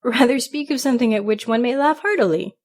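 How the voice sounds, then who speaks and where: A woman's voice: fairly high pitch, fast talker, darkish tone, voice pushed up, lightly acted. Storybook parrot, male, conceited and chattering, read by a woman. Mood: smug. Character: boastful male pet parrot, smug and witty.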